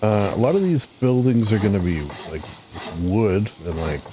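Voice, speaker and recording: A man's voice: lowish voice, normal speed, noisy background. A man streaming a building game, talking casually and rambling with easy laughs. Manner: relaxed, rambling, laughs easily. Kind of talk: casual commentary while building.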